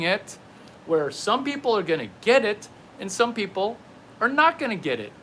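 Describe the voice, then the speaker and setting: A man's voice: sits high, very animated, normal speed, pushed and bright, slight background noise. A man delivering a rambling, playful comedy monologue to camera, riffing through absurd tangents while palming a basketball. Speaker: comedian vlogger.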